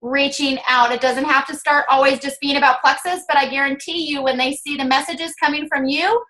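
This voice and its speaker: A woman's voice: sits high, steady tone, fairly quick, sharp tone. A woman with a Southern US accent, co-hosting a casual chat and explaining things step by step in an upbeat, coaching way. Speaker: co-host.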